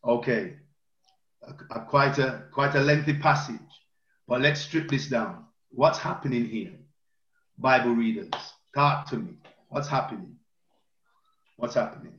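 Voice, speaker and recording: A man leading a group Bible study, animated and repeating phrases for emphasis. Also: mid-range voice, unhurried, long pauses. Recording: roomy, dull lo-fi sound.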